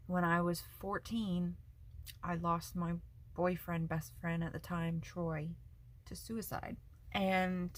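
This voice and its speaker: A woman with a fairly low voice tells a personal faith story in a vlog. She is earnest and tender and sometimes sounds emotional. She speaks in a confiding, heartfelt way. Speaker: vlogger. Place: front porch at home.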